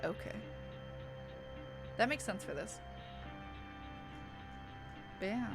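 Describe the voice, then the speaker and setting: A woman's voice: mid-range voice, lively intonation, slow pace, low-quality recording. A young adult woman streamer who reads aloud dramatically, then chats casually, gushing and swearing freely. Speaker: streamer reading aloud to chat. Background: background music.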